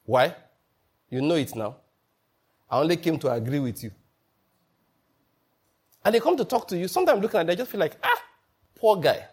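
Pastor preaching with animated quotes. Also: male voice, a little high, brisk, pauses often, breathy edge. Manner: animated, acts out quotes, laughs between points. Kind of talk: sermon.

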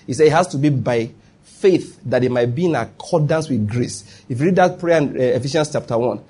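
A man's voice: medium pitch, fairly quick, dark tone, breathy edge. A pastor with a Nigerian accent preaching a sermon, repeating his points and asking the congregation if they follow. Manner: rhetorical questions, repeats points, laughs at own stories.

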